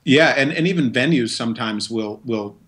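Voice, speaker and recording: A man's voice: mid-range voice, animated, moderate pace, fairly bright tone. A man from Vermont, a DJ guest on an interview show, talking in an easygoing, hesitant way with fillers. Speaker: guest, wedding DJ. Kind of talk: casual interview chat.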